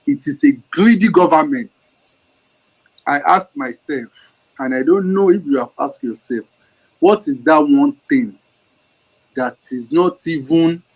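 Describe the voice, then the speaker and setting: Casting: man from Nigeria, slightly high voice, indignant rhetorical political speaker. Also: darkish tone, slightly rough, poor audio. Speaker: caller in an online audio room. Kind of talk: political speech.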